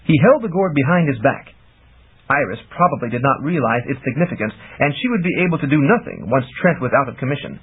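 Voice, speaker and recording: A man narrates a fantasy audiobook in a husky voice. His pitch rises and falls expressively. The recording is thin and narrow, like a phone line. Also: brisk. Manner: lively, expressive reading.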